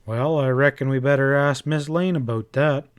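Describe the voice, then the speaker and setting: A man's voice: medium pitch, normal speed, clear, resonant tone, close to an everyday voice. A man reading aloud and voicing a grim western sheriff who drawls in rural speech.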